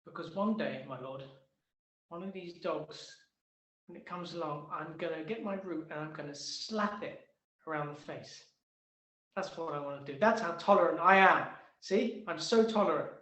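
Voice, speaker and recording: A man's voice: a little high, moderate pace, long pauses, echoey room, natural voice. A man voicing a bitter, furious old male tree that wails, sobs and rants indignantly at God. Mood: grumbling confiding. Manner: wailing, shouting, sobbing outbursts. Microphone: video call.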